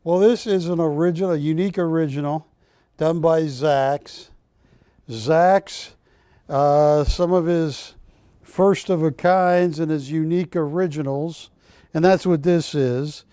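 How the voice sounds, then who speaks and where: A man's voice: a little high, fairly even intonation, unhurried, dark tone, clear, resonant tone, no room sound, studio quality. A man hosting a live home shopping show, talking in a rambling, jokey way and often correcting himself. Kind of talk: live sales pitch. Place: TV shopping studio.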